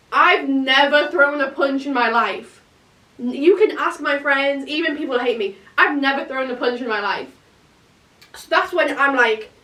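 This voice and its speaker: A woman's voice: high voice, distant mic. A young British woman telling a dramatic story in casual vlog chat, full of "like" and quoted voices. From Britain. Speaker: vlogger. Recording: roomy sound, mic set back.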